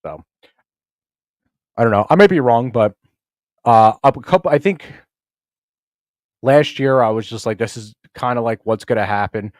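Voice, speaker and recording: A man's voice: mid-range voice, normal speed, long pauses, no room sound, clean studio sound. A man hosting a podcast in casual chat, talking loosely and with plenty of swearing, and slipping into offhand impressions. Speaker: podcast host.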